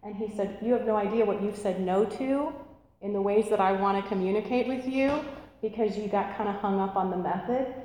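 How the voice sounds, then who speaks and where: A woman preaching and telling stories with lively, animated delivery, putting on voices for the people in them. Her voice rings through a large hall with a long, echoing reverb. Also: mid-range voice, brisk, slight background noise. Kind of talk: sermon storytelling.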